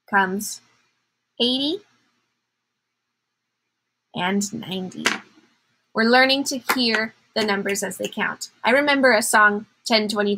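A woman's voice: a little high, sharp tone, low-quality recording. A woman teacher giving a patient math lesson to young children, counting aloud in a sing-song way.

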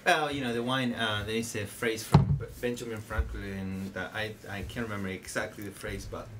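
Hesitant low-voiced male podcast host. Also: fairly even intonation, a little fast, heavy background noise. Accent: Spanish. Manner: hesitant, many fillers and restarts. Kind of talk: casual interview chat.

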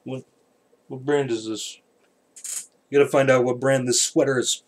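A man talks to his viewers late at night, wandering from topic to topic. He jokes and swears freely in a relaxed, offhand way. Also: mid-range voice, moderate pace. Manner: rambling, profane, joking. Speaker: channel host. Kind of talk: rambling late-night channel update.

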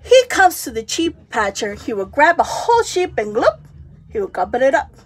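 A woman telling a children's story aloud, acting out sound effects and character voices with lively expression. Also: high-pitched, normal speed, soft background music.

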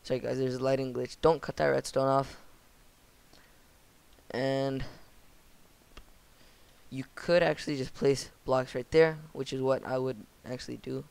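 A young man speaking in a monotone as he talks through a game building tutorial on his channel. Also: medium pitch, moderate pace, vocal fry, smooth. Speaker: channel host.

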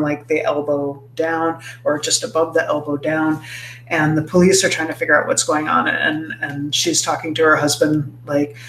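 Chatty woman in an echoey room. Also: low voice. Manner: rambling retelling with many fillers and restarts. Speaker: podcast co-host. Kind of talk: casual book-club chat. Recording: roomy echo, faint background noise.

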